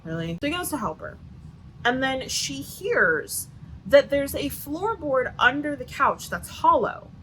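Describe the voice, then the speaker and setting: A woman's voice: high-pitched, sing-song, measured pace, a bit bright, slight background noise, rough recording. A woman with a Southern US accent giving a sarcastic, profanity-filled book review rant with lots of "like" fillers. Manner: sarcastic, swears a lot, many "like" fillers.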